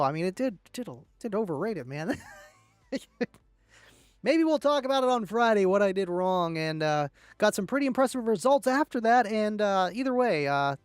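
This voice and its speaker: A man's voice: high-pitched, no room sound, studio quality. A man hosting a casual livestream, rambling and thanking viewers by name as he reads the chat. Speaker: livestream host reading chat.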